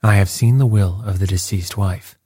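Man doing a cool unruffled detective, quiet and dry, raspy low voice. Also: steady tone, moderate pace, dry recording. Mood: calm. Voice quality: husky. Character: calm, bland, ironic male detective.

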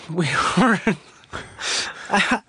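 High-voiced man, chatty comedian. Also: extremely slow, husky, no room sound, clean studio sound. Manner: animated, laughing, does goofy voices in anecdotes. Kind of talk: casual chat.

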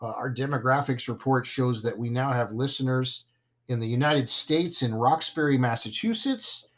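A man with a mid-range voice hosts a casual podcast at normal speed. He's playful and self-deprecating, joking around and stumbling over his words now and then.

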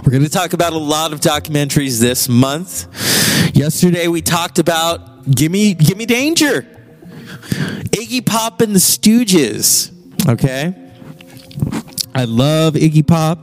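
A fairly high-voiced man hosts a podcast as an animated, irreverent monologue. He swears freely and slips into quick mock voices as he goes. Faint music plays softly underneath. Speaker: podcast host.

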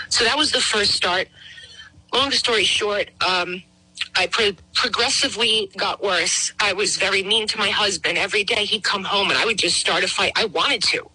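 A middle-aged woman guest sharing a personal story, emotional and halting, acting out quotes. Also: mid-range voice, bright, forceful tone, breathy edge, rough recording. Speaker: guest caller. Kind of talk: personal testimony.

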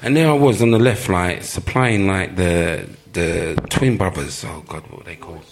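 A former footballer telling lively stories in an interview, laughing often and acting out the people he quotes. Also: low voice, normal speed. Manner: animated storyteller, laughs often, acts out quoted voices. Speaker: former professional footballer, guest. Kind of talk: live storytelling interview.

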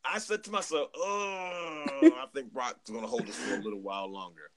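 A man chatting on a podcast, telling an animated story, acting out quotes and repeating words as he goes. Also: fairly low pitch, fast, vocal fry, crowd noise. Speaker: podcast guest. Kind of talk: casual chat.

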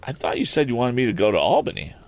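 A man doing a brisk, eager young inventor, pitched well above a deep reading voice. Lines bounce with lively intonation. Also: creaky.

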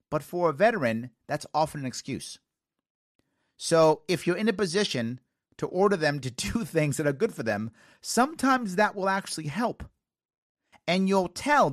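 An American man in his forties hosting a talk show, telling stories in an animated way, acting out quoted lines and giggling now and then. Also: a little high, no echo, clean studio sound. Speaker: radio talk show host. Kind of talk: casual talk show monologue.

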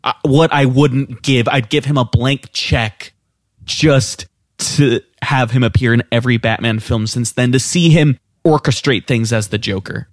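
A man co-hosting a casual film discussion, animated and quick to act out scenes. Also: mid-range voice, dry recording, studio quality. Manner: animated, acts out quotes in raised voices. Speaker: podcast co-host.

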